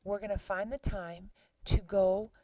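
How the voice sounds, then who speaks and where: A woman teacher casually retelling a play scene by scene, chatty and animated, putting the old lines into everyday words. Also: mid-range voice, unhurried, dry recording, poor audio. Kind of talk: lesson recap with paraphrased quotes.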